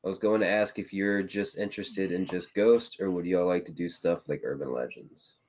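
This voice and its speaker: Brief: man, slightly low voice, playful host, casual chat. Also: moderate pace, a little mellow. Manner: laughing, playful. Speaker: podcast host.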